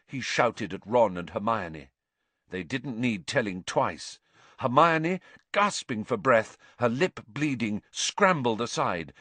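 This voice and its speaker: A man narrating a fantasy novel as an audiobook in a slow, dramatic way. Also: medium pitch, fairly bright tone, no room sound.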